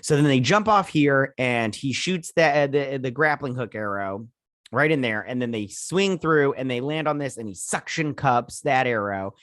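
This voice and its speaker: A man's voice: mid-range voice, expressive, moderate pace, a bit bright, dry recording, clean studio sound. A man hosting a casual episode recap, rambling with lots of fillers as he retells scenes. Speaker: host.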